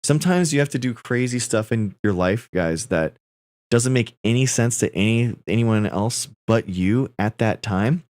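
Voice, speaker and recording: A livestream host in his thirties chats casually with his viewers, calling them "guys" and wandering through personal stories. His medium-pitched voice is expressive and a little mellow, moving at a moderate pace with no echo.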